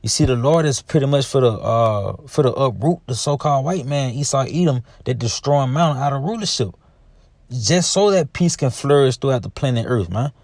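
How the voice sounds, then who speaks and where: Man, average pitch, informal scripture teacher who keeps checking "you see?". Dry, close sound. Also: animated, normal speed, darkish tone, dry recording. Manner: conversational, often asks "you see?" and adds "man". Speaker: religious teacher.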